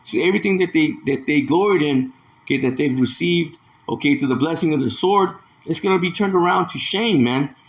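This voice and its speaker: A man teaching from the Bible in a loose, conversational way, with a voice sitting a touch higher than most. He reads verses slowly and keeps breaking in with "man," "okay" and "see." He often repeats himself as he works through a point. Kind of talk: informal scripture teaching.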